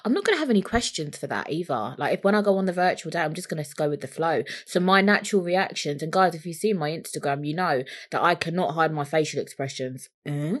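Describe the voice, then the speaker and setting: A woman's voice: low voice, animated, quick pace, hardly any pauses. A young woman hosting a solo podcast, rambling, cheeky and swearing freely as she chats into the microphone. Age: young adult. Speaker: podcast host.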